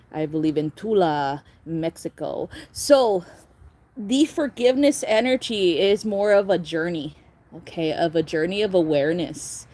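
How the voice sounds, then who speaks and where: A woman's voice: sits low, warm tone. Chatty woman giving a spiritual reading. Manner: chatty, laughs often, swears casually. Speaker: tarot reader. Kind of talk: casual spiritual vlog reading.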